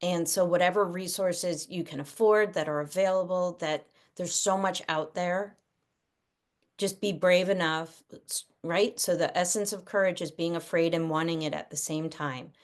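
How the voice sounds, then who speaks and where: A middle-aged woman talks through parenting ideas over a video call. She speaks casually and with plenty of life, and she often drops into quick impressions of children and parents as she explains. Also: fairly low pitch. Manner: animated, acts out kids' and parents' voices. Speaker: guest parenting expert.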